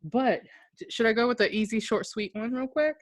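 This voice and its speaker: A woman's voice: a little high, a little fast, a little hiss or hum. A woman co-hosting a podcast in casual chat, reacting expressively and starting her own story. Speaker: podcast co-host.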